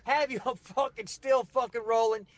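A man's voice: very high voice, steady tone, moderate pace. A middle-aged man telling a rambling, profane story as a podcast guest, laughing as he goes. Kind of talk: casual storytelling.

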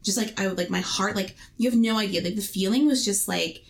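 Young woman, halting rambling storyteller. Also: medium pitch. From Canada. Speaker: podcast co-host. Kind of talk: casual chat.

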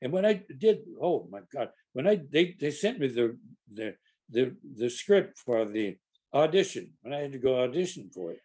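Husky older man telling showbiz stories. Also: medium pitch, sing-song, moderate pace, warm tone. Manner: rambling with many restarts, acting out quoted lines. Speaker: actor guest. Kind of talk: anecdotal storytelling in conversation.

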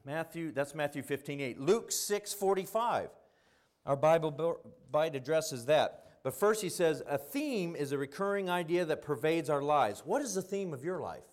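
A middle-aged man preaching a sermon, telling stories and swinging between quiet asides and loud emphasis. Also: on the high side, animated, normal speed.

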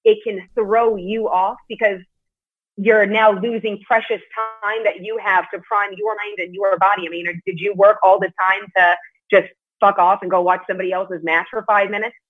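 A woman's voice: mid-range voice, little pitch movement, moderate pace, slightly rough. Woman talking candidly over a tinny line. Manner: candid, chatty, swears casually. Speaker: podcast guest, martial arts competitor. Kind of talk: casual interview talk.

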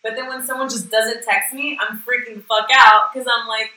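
Frank, bright-voiced woman in casual talk. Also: fairly high pitch, moderate pace. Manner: frank, animated, swears freely. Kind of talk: candid casual conversation. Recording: roomy sound from some distance with faint noise.

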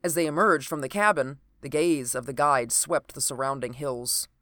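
A narrator reading an old adventure novel aloud in a steady, even storytelling manner. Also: mid-range voice, moderate pace, no echo, studio quality.

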